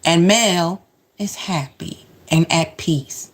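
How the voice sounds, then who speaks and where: A woman's voice: mid-range voice, unhurried, fairly bright tone. A woman giving sassy, emphatic casual commentary as she reacts to show clips.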